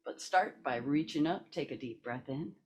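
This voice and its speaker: A woman's voice: low-pitched, animated, normal speed. A woman leading a seated laughter and breathing exercise over a video call, coaxing and playful, laughing often. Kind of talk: guided group exercise.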